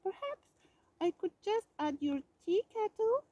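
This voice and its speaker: Cheerful little storybook mouse, voiced high by a woman reading aloud; chirpy, eager, lively. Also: measured pace, lo-fi sound, a little hiss or hum, heavily acted. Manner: bright, chirpy and helpful.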